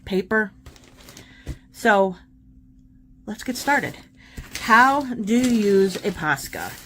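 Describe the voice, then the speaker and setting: A woman's voice: medium pitch, sing-song, extremely slow, a bit bright, slight background noise. A woman hosting a casual art tutorial, chatting and encouraging while she demonstrates paint pens.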